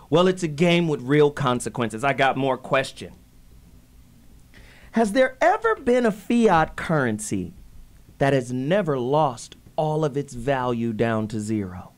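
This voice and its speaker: A radio show host introducing the topic with a dramatic, emphatic delivery and drawn-out words. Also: mid-range voice, sing-song.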